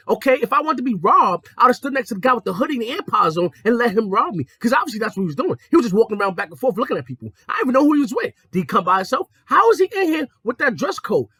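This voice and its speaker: A young man rants through a casual, profane story, his high voice swinging widely between excited peaks and low, mocking asides. The tone is bright with a slight husk, recorded close and dry. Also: breathy edge, no room sound. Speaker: podcast host.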